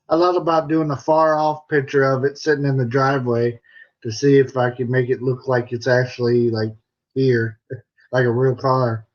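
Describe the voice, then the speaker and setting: A man's voice: medium pitch, little pitch movement, normal speed, muffled recording. A middle-aged American man chatting casually on a live stream, joking and reading viewer comments aloud. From United States.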